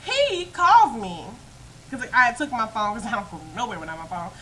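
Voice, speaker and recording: Animated high-voiced woman telling a story. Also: normal speed, a little hiss or hum, rough recording. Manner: animated and emphatic, laughs often, talks to viewers directly. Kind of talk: casual storytime monologue to camera.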